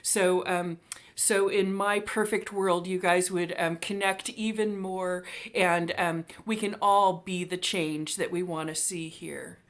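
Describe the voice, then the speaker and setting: A woman's voice: lowish voice, steady tone, slow. A woman hosting an online author talk, gushing with emotion and praise over a video call. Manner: gushing, emotional, reads viewer comments aloud. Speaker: host. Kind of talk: effusive live-stream hosting.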